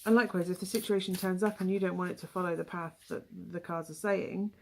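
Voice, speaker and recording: A woman's voice: on the low side, fairly even intonation, quick pace, a little mellow, a little hiss or hum. A young woman with a West Country English accent giving a casual, rambling tarot reading, full of asides and ums. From England. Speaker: tarot reader.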